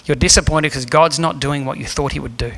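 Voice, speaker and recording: A man's voice: fairly high pitch, brisk, a bit bright. A man preaching a sermon as pastor in a church, earnest and emphatic, asking the room rhetorical questions. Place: church hall.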